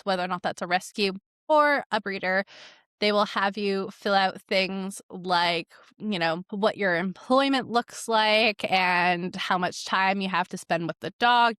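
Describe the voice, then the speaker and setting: A woman's voice: mid-range voice, fairly bright tone, clean tone, no echo. Chatty woman dog trainer, dry sound. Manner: chatty, frequent "like", amused asides. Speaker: dog trainer and podcast host. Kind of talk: casual commentary reading online posts.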